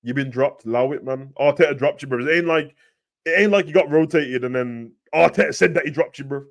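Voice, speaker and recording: A man's voice: on the high side, brisk, creaky. Slangy young man ranting on football. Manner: slangy, rambling, animated. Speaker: football talk host. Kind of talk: casual football rant.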